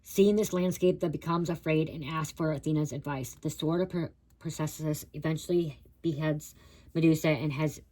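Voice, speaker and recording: A woman on a live stream reads from a card guidebook, tripping over words and breaking off to address her viewers. Her voice sits low and stays fairly flat and even. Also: moderate pace, poor audio. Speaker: tarot reader.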